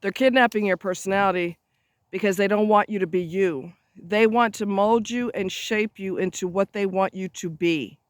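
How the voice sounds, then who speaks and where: High-voiced guy outside by a road, blunt and chatty, goes off on little asides. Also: moderate pace, dry recording. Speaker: advice vlogger. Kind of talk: casual advice monologue. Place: outdoors near a road, minding a dog.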